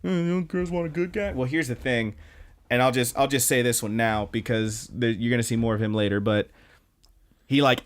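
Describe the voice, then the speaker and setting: A young man co-hosting a podcast, recapping anime episodes in a rambling, animated way and acting out character lines. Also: on the low side. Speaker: podcast co-host. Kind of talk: casual anime recap chat.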